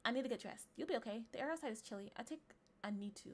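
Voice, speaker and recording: Playful high-voiced woman streamer. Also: rapid-fire, a little hiss or hum. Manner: playful and teasing, often breaking into giggles; reads options aloud, sometimes trailing into murmurs and whispers. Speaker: livestreamer. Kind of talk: casual livestream chat, reading quiz questions aloud.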